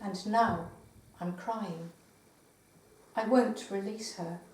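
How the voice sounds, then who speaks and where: An older woman poet giving a live poetry reading in a meeting house, with measured recitation and hesitant spoken asides. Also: medium pitch, a little mellow. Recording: roomy live recording from far off.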